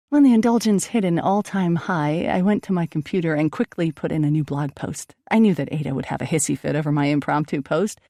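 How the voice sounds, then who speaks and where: A woman narrating an audiobook in the first person, with steady, reflective storytelling. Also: low-pitched, no echo, studio quality.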